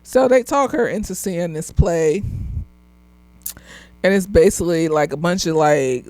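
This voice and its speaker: A woman's voice: fairly low pitch, a little mellow, no room sound. A young woman, slightly tipsy, recapping a movie in casual chat, swearing freely, laughing and acting out the characters. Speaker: movie reviewer.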